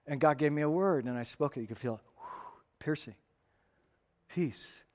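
A man preaching a sermon, telling a personal story with animated rises and drops and frequent restarts. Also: on the high side, moderate pace, big-room sound. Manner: animated storytelling, rising and falling, repeated restarts. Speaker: pastor.

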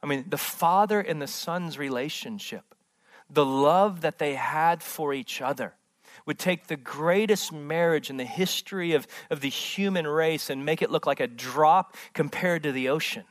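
A man preaching a sermon in a church as pastor, impassioned and repetitive, swinging from loud emphasis to hushed tones. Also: fairly high pitch, moderate pace. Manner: repeats words, restarts phrases.

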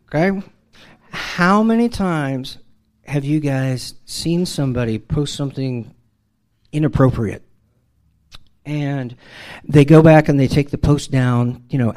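A man's voice: mid-range voice, a little mellow. A middle-aged man tells a self-deprecating personal story in a casual, conversational way. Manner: wry, self-deprecating, conversational with frequent restarts. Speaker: father telling a personal story.

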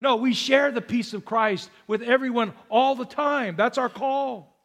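A male pastor preaching a sermon, animated, moving between loud high emphasis and quiet low asides. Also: a little slow.

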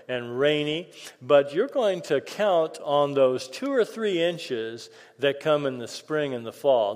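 A man preaching a sermon in a church sanctuary, conversational and sometimes joking. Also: mid-range voice. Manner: conversational, jokey asides. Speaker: pastor. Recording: long hall reverb.

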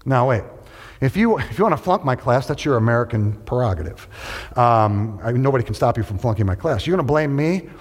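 A man's voice: mid-range voice, fairly quick. A middle-aged man preaching a storytelling sermon, acting out the people in his story as he goes. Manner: animated, acts out every quote. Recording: long reverb of a large hall.

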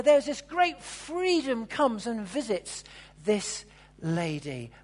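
A preacher giving a sermon, telling the story vividly and swinging between loud exclamations and hushed asides. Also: mid-range voice. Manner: animated storytelling, acting out the characters' lines.

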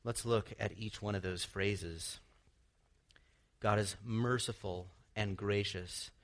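A man with a fairly low voice delivers a sermon. He teaches earnestly, posing rhetorical questions to his listeners and letting slip the occasional light laugh. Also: steady tone, takes it slowly. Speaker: pastor.

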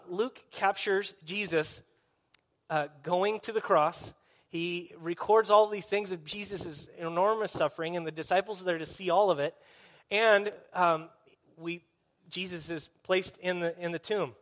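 High-voiced man preaching a sermon. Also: unhurried, a bit bright. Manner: earnest, conversational storytelling. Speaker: pastor.

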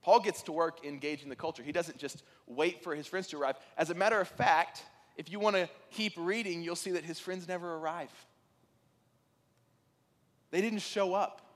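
A man preaching a sermon, telling stories in an animated way that rises to excited peaks. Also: a little high, normal speed, big-room sound. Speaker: pastor.

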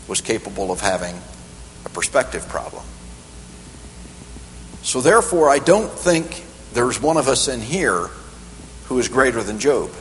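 A middle-aged man preaching a sermon in a church hall, emphatic and animated, climbing higher on the key points. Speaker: pastor. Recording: echoey hall with faint hum.

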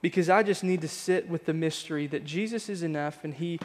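Earnest pastor preaching in a reverberant church. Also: male voice, fairly high pitch, a little fast. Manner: earnest, reflective, repeating rhetorical questions. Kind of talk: sermon. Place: church sanctuary.

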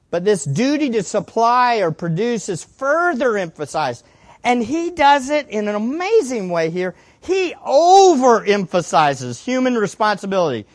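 A woman's voice: a little high, dry recording, clean studio sound. A woman preaching a sermon, emphatic, repeating key words and asking the congregation questions.

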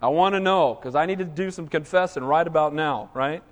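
A man with a high voice preaches with animated, call-and-response energy. His sermon rings out with a long hall reverb, as if in a church sanctuary. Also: a little fast. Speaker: pastor.

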